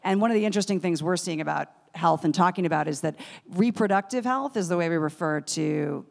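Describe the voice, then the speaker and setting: A woman interviewer with a lowish, gravelly voice keeps things chatty and playful. Her questions echo through a hall with a long reverb, as at a live event stage. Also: quick pace, darkish tone. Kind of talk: onstage interview.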